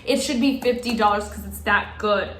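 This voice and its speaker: A young woman gushing excitedly as she reviews makeup and talks straight to her viewers in a casual vlog. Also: mid-range voice, normal speed. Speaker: beauty vlogger. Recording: echoey room.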